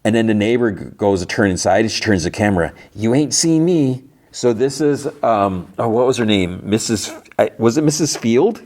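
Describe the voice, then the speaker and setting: A man's voice: fairly low pitch, fairly quick, hardly any pauses, darkish tone. A man hosting a podcast, casually recapping a TV episode in a rambling way with many fillers and restarts. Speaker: podcast host.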